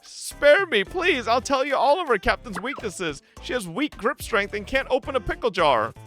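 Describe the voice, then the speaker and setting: Man voicing a frightened gang girl from a game, high squeaky pleading, bright tone. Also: very animated, brisk, soft background music, heavily acted. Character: panicky young female gang member.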